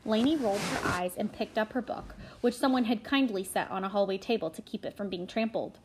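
A woman narrating a children's novel aloud in an expressive reading style, with small slips and restarts. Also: mid-range voice, brisk, slightly rough, low-quality recording. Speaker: audiobook narrator.

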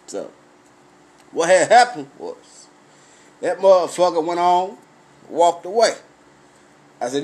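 A man with a high, lifted voice delivers a profane comic rant. He tells the story loudly and repeats himself, acting out his own confrontations as he goes. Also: lively intonation, normal speed, pauses often. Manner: loud, repetitive, swearing storyteller who acts out confrontations.

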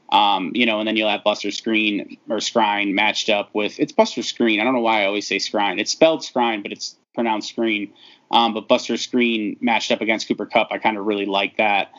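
A man chatting casually about football on a podcast, relaxed and rambling with frequent ums. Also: fairly low pitch. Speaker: sports podcast co-host. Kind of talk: casual sports chat. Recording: dull lo-fi audio.

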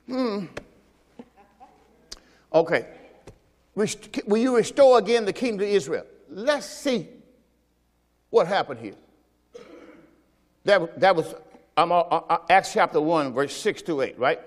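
Man, pastor, high voice, sermon, rhetorical questions, slow emphatic scripture, long hall echo. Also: lively intonation. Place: church service.

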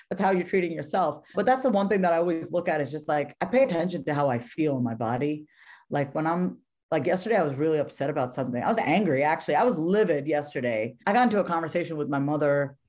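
A woman's voice: fairly low pitch, darkish tone. A woman in her thirties, an author talking candidly and earnestly, peppering her talk with "like" and "right?". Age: 30s. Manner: earnest, frequent "right?" and "like" fillers. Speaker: guest author.

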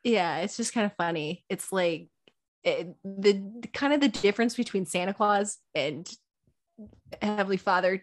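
A woman in her thirties co-hosting a podcast in casual chat, animated and acting out her kids' voices. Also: medium pitch, moderate pace, slight background noise. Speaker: podcast co-host.

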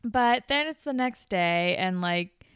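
A woman's voice: medium pitch, lively intonation, slow pace, a bit bright, smooth, no echo. A young woman co-hosting a casual podcast chat, laughing often and filling her talk with "like". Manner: laughs often, lots of fillers like "like". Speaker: podcast co-host.

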